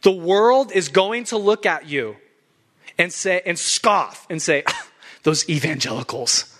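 A man's voice: high voice, lively intonation, takes it slowly, fairly bright tone. A young adult man preaching a sermon as pastor, emphatic and fired up, with laughs between points.

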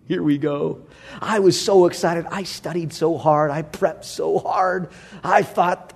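A man preaching a sermon, telling a personal story in an animated way, swinging between loud exclamations and hushed asides, laughing often. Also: fairly high pitch, slow pace, gravelly, slightly rough. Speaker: pastor.

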